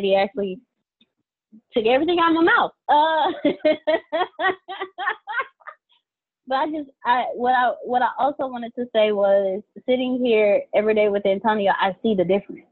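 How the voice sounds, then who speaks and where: Candid husky woman on a phone line. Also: on the high side, normal speed. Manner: candid, laughing, repeats phrases. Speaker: co-worker of the host. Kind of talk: casual talk.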